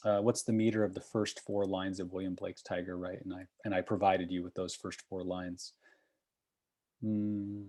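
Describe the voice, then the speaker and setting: A man's voice: low voice, flat delivery, normal speed, darkish tone. A man leading an online course review session, patient and encouraging, checking in often with "okay?" and "right?" over a computer mic. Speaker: course instructor.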